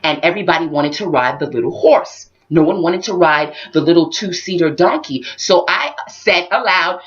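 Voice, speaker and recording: A woman's voice: lowish voice, normal speed, few pauses, lo-fi sound. A woman vlogger telling a story and giving spiritual life advice, talking straight to her viewers. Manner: expressive, addresses viewers directly. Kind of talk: animated storytelling monologue.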